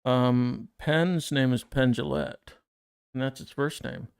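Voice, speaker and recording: A man's voice: mid-range voice, fairly even intonation, takes it slowly, gravelly, smooth. A man co-hosting a casual podcast, chatting off on tangents and reading scripture aloud. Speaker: podcast co-host. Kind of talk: casual chat and Bible reading.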